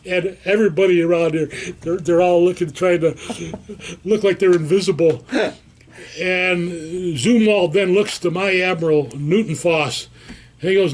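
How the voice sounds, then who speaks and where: A man's voice: high-pitched, fairly even intonation, normal speed, a little mellow. An older man, a veteran, telling a story in an interview and acting out the voices of the people in it. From United States. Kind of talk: telling a war-era anecdote.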